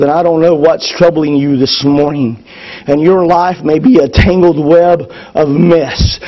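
Husky-voiced preacher giving a sermon. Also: male voice, a little high, highs cut off. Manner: passionate preaching, swings from loud to hushed. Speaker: pastor. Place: church service.

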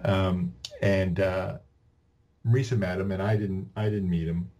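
A man's voice: deep voice, a little slow. A Canadian-born man, a podcast guest, telling long casual stories with lots of restarts and quoted dialogue. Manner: rambling, many restarts, animated quoting. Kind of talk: casual storytelling.

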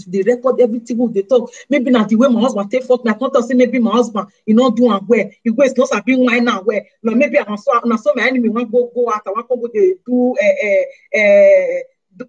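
Husky woman with a Nigerian Pidgin accent. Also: fairly high pitch, highs cut off. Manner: animated, scolding, rhetorical questions. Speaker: vlogger. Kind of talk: casual monologue to camera.

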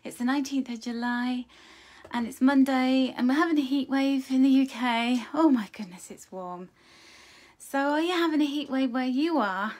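This woman's voice is high-pitched and somewhat dark, moving at a moderate pace. She's an angel card reader hosting a live stream, chatting with viewers and fondly greeting them with endearments, laughing lightly as she goes.

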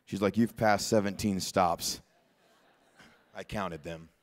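A man preaching a sermon in a church, telling a personal story and swinging between shouted exhortation and quiet, hushed retelling. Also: sits low, steady tone, slow. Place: church sanctuary.

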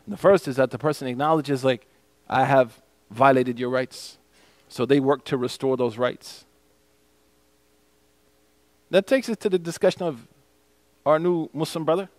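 A man's voice: fairly high pitch, normal speed, long pauses, a little mellow, no room sound. A man teaching a mosque class as imam. He explains a hadith text in English and recites the Arabic passages.

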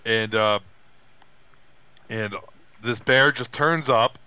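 A man co-hosting a podcast speaks slowly with a clean tone, in a dry recording with the highs cut off. In casual chat he animatedly retells a film, using high put-on voices for the characters he quotes.

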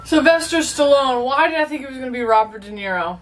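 A woman's voice: high voice, animated, fast, recorded from a distance. A young woman chatting playfully as she reacts to a movie, with joking asides. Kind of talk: casual reaction commentary.

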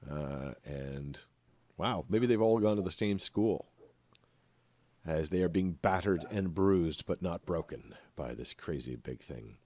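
Male game master with a deep voice and a loose, uh-filled narration style. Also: a little slow. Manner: relaxed, many filler uhs.

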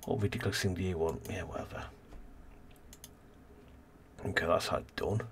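A man's voice: sits low, moderate pace, a little hiss or hum. A man casually commentating a city-building game as host, rambling and thinking aloud, tired and yawning. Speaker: let's play host.

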